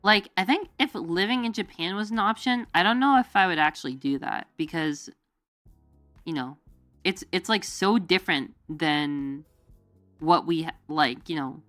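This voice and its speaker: A woman's voice: on the low side, normal speed, a bit bright, dry recording. Rambling, giggly streamer woman, dry sound. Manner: rambling, filler-heavy, giggly, jumps into goofy quoted voices. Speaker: VTuber streamer. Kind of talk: casual chat to stream viewers. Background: faint background music.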